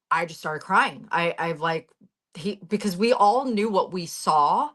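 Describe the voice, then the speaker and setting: Appearing as a talk-show guest by video call, this thirtysomething woman recounts something personal with blunt, urgent heat and plenty of swearing. She speaks unhurriedly in a lowish, fairly bright voice.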